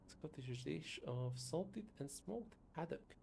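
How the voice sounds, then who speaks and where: A man streams a story game, reading its dialogue aloud and muttering casual asides. His voice is gravelly and mellow, recorded on a desk microphone with a faint hiss behind it. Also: fairly high pitch, lively intonation, slow. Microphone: new desk microphone.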